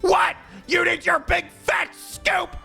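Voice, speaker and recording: A man acts out a game director at the end of his rope, hurling insults at an interviewer. The voice is pushed far up into a tense, gravelly yell. Every word comes out as a shout. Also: little pitch movement, slow pace, faint music behind, heavily acted. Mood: furious. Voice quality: shouted, high strained yell. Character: furious male game director snapping at a reporter.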